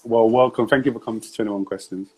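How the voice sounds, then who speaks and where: A man's voice: fairly low pitch, steady tone, fast, breathy edge. A man hosting a live-streamed interview show, talking in an upbeat, chatty way with slang. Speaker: host.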